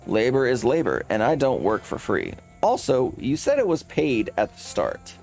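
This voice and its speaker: A man's voice: medium pitch, wildly swooping pitch, moderate pace, creaky, darkish tone, voice pushed up. A man reading the lines of a blunt young male adventurer hero, earnest and pushy, over faint game music. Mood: insistent.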